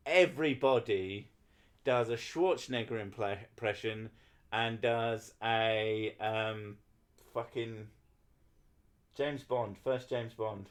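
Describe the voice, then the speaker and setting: A man's voice: on the low side, slow. A man chatting casually on a livestream, rambling and swearing while he talks to his viewers. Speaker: streamer.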